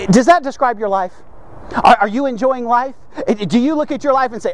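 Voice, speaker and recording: A male devotional host with a strikingly high-pitched voice talks in a casual, energetic way. He repeats words for emphasis and breaks into friendly asides and little jokes. He is recording from a man cave at home. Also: fast. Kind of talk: casual daily devotional talk.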